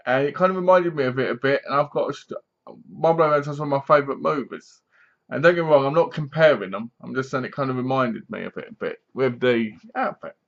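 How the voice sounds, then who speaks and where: A man's voice: a little high, a bit bright. A man giving a casual, rambling spoken review of a horror film, with frequent restarts and asides. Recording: dull lo-fi home recording.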